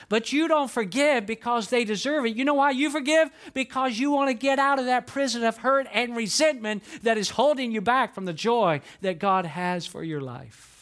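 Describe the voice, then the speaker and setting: A high-pitched man preaching a sermon as a pastor. He tells stories with lively bursts of feeling, then drops to soft, earnest asides. He sounds middle-aged. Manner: storytelling, swings from animated outbursts to hushed earnest tones.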